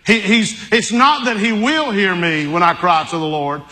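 High-voiced halting preacher man. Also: bright, forceful tone. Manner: halting, repeats words, reads scripture slowly and emphatically. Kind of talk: sermon.

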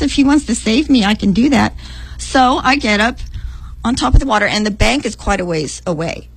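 A woman's voice: a little fast, slightly rough, rough recording. A middle-aged woman telling a vivid dream with emotion, acting out her own words in a raised voice. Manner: animated, acts out her own lines in a higher voice. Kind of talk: emotional storytelling.

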